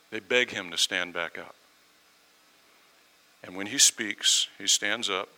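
A man's voice: on the low side, slow, pauses often, sharp tone, rough recording. A man preaching a sermon, telling a story and acting out the voices in it. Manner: storytelling, acts out quoted voices.

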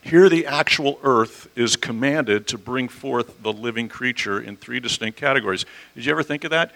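In a church sanctuary, a man delivers an expository sermon as pastor, talking with the congregation conversationally and asking them questions. He has a sharp, mid-range voice, and the audio is of low quality.

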